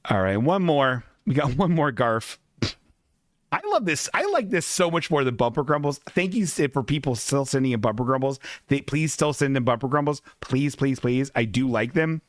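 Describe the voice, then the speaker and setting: A man's voice: medium pitch, lively intonation, normal speed, no echo, studio quality. A man hosting a comedy podcast, rambling, profane and laughing often as he describes comic strips. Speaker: podcast host.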